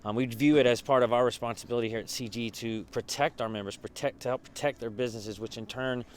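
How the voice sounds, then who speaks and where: A man's voice: mid-range voice, fairly even intonation, fast, slight background noise. Casual man recapping a business event. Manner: casual, conversational, many fillers and restarts. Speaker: mastermind group leader. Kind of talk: behind-the-scenes recap.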